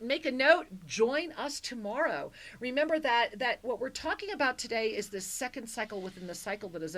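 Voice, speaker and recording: A woman's voice: fairly high pitch, fairly bright tone. A woman co-hosting a call-in spiritual radio show, effusive and affectionate with the callers.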